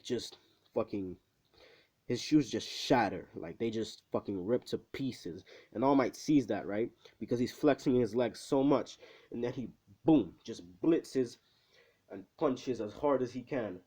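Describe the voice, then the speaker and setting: A man's voice: mid-range voice, warm tone, husky. A young man casually retelling a fan what-if story in a rambling, profane way, with lots of fillers. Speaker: channel host.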